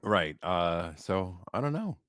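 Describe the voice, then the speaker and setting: A man's voice: low-pitched, sing-song, takes it slowly, a bit bright, dry recording, studio quality. A man in his thirties co-hosting a casual podcast, reading out list entries and laughing often. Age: 30s. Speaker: podcast co-host. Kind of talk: casual chat.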